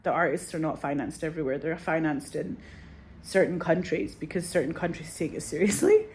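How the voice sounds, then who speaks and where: A woman's voice: low voice, lively intonation, fairly quick, a little mellow, slight background noise. A middle-aged woman chatting casually to her viewers, rambling and anxious, swearing often. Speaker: vlogger. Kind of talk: casual chat to camera.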